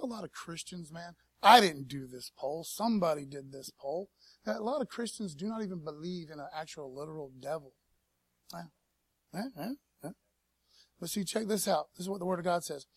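A pastor preaching a casual sermon at a church service, in a laid-back, slangy way and calling on the congregation to respond. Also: male voice, fairly high pitch, lively intonation, brisk, husky, no room sound. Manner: laid-back slangy preaching, peppered with "man" and "you know what I mean"; calls for audience response.

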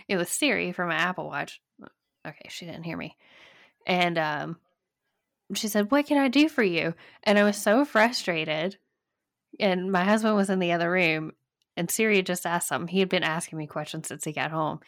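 A young adult woman co-hosting a podcast, chatting casually and telling stories with animated, rising energy. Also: lowish voice, vocal fry, no echo, clean studio sound. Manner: animated storytelling, gets loud when retelling frustration. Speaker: podcast co-host. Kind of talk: casual chat.

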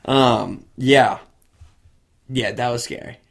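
A man's voice: medium pitch, slow pace, creaky, fairly bright tone. A man co-hosting a casual podcast, telling a story and laughing his way through it. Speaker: podcast co-host. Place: video podcast set.

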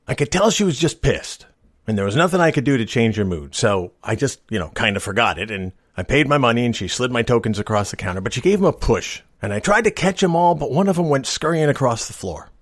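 A middle-aged man spins a rambling tale with a wry, deadpan humor, his pitch rising and falling in lively swings. The sound is close and dry, with no room around it. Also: fast talker, no room sound. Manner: wry, deadpan joking delivery. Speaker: storyteller host. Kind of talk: casual spoken storytelling.

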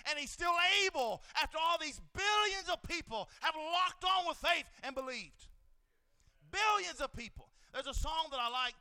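A man preaching a fervent sermon in a church, repeating phrases and rising into shouts. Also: extremely high pitch, animated, normal speed, dry recording.

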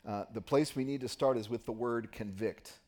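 A male pastor gives a sermon in a church at a mid-range pitch. He reads scripture aloud and then unpacks it patiently, pausing to stress key words. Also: darkish tone. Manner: explanatory, pauses for emphasis, reads scripture aloud.

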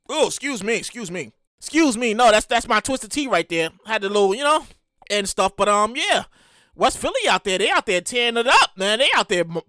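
Casual news-commentary host with a bright, sharp timbre and a very lively delivery. Profane and given to repeats and restarts. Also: high-pitched, no room sound, clean studio sound. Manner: animated, profane, acts out other people's reactions; repeats words and restarts often. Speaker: show host.

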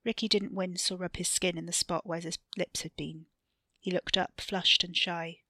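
Bright-voiced woman narrating serial fiction. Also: fairly low pitch, little pitch movement, moderate pace, no echo. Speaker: podcast storyteller.

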